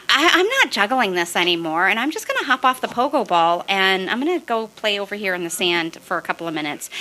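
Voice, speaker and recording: A woman's voice: mid-range voice, low-quality recording. A woman with a St. Louis accent, a real estate investor telling her story in a casual podcast interview with many restarts. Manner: animated storytelling with lots of restarts.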